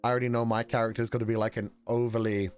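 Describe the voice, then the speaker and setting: A man's voice: mid-range voice, little pitch movement, rapid-fire, darkish tone, faint music behind. A man with a Belfast accent streaming a casual chat, rambling and laughing often as he talks. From Northern Ireland.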